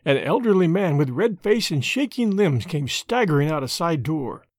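A man narrating a classic detective story with expressive, dramatic reading. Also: on the high side, normal speed, no echo.

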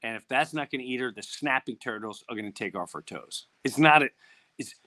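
Here a middle-aged man hosting a podcast narrates a story casually and animatedly, imitating the voices of its characters. His voice is medium in pitch and runs a little fast.

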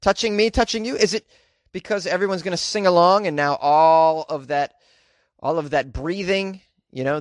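A man's voice: fairly high pitch, fairly bright tone, no echo, studio quality. A man hosting casual news commentary, rambling and joking through rhetorical questions.

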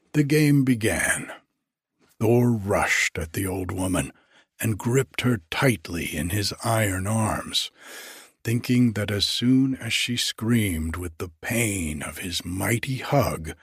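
A male storyteller with a low, husky voice reads in a slow, measured way. The sound is dry and close, with no room around it. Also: dry recording. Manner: slow, measured, even reading. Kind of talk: storybook narration.

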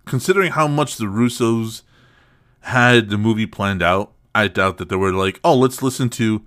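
A man's voice: on the low side, normal speed, fairly bright tone, clear, resonant tone. A man hosting a casual podcast, teasing and arguing back. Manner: teasing, argumentative, laughs often.

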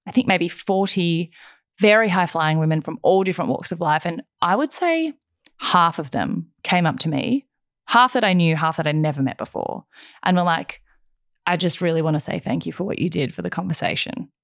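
A young woman talks in a relaxed, animated way, full of "like" and quick asides. Her voice sits a little low and sounds dry and close. It is easygoing podcast chat between friends. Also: no room sound. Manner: chatty, animated storytelling with frequent fillers. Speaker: podcast host. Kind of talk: casual chat.

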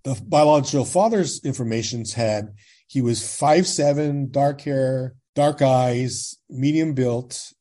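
Speaking slowly at medium pitch, this podcast guest—a man in his sixties from California—recounts his own life plainly and casually. He's an animated storyteller who performs other people's quoted lines.

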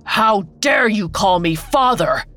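A woman's voice: on the low side, animated, unhurried, fairly bright tone, soft background music, heavily acted. A woman playing a stern, commanding king. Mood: stern, furious. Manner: demanding and stern.

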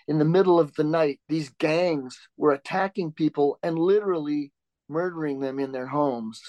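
An older man speaks in a reflective, storytelling way, often restarting his sentences. His voice sits a touch higher than most men's. The recording is dry and close, with no room sound. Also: darkish tone, no room sound. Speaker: author and interview guest. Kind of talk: conversational interview.

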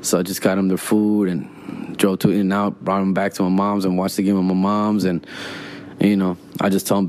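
A man's voice: low voice, steady tone, moderate pace, darkish tone. A man of forty, telling a rambling, profane, slang-heavy story in casual monologue. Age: 40s.

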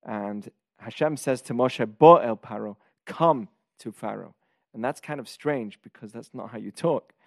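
A man's voice: mid-range voice, unhurried, gravelly, dry recording, clean studio sound. A man hosting a podcast, giving a casual spoken Torah lesson, explaining Hebrew terms and asking rhetorical questions along the way. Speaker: podcast host teaching weekly Torah portion.

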